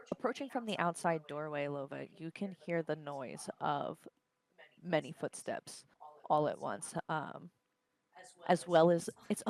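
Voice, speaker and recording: Woman gm with a low voice, rambling through the scene, lots of "like" and "kind of". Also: creaky, low-quality recording. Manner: descriptive, many fillers like "like" and "kind of". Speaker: game master. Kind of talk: narrating a tabletop game.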